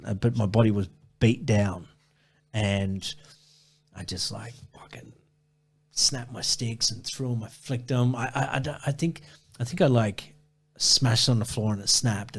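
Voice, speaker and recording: A man's voice: fairly low pitch, husky. A man telling a long running story in a casual interview, rambling and swearing, with many restarts. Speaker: ultrarunner guest.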